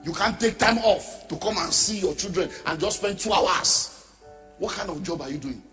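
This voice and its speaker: A middle-aged man with a Nigerian accent, a pastor preaching an animated sermon with lots of repetition and asides. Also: high voice, moderate pace. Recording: reverberant hall with music underneath.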